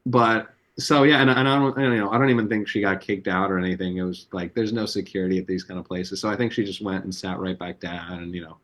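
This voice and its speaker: A comedian on a podcast, telling rambling, profane anecdotes with plenty of fillers. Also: male voice, sits low, level tone, fast talker, few pauses, a bit bright. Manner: loose, profane storytelling with many fillers. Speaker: comedian guest.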